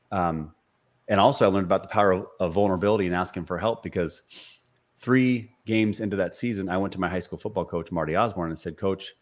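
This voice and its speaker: A man in his forties, a sales speaker and author, telling a personal story as a podcast guest in an earnest, motivational way with restarts and fillers. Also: sits low. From Seattle area. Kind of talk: conversational storytelling interview.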